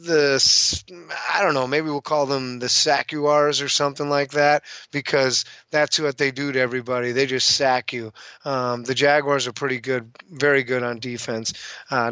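A man giving a casual, excitable sports recap, ranting with fillers and restarts. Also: medium pitch, smooth, no echo, muffled recording. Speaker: sports commentator.

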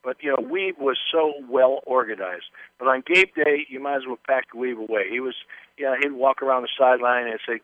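A man's voice: mid-range voice, brisk, dry recording. Older man, former football player, anecdotal and rambling, phone-line sound, dry. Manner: rambling, anecdotal, with many restarts. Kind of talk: casual interview storytelling.

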